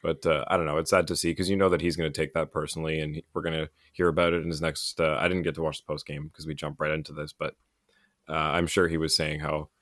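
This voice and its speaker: A man's voice: rumbling low, little pitch movement, fast talker, a bit bright, no room sound, clean studio sound. A man hosting a casual sports podcast, easygoing as he leads the recap. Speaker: podcast host.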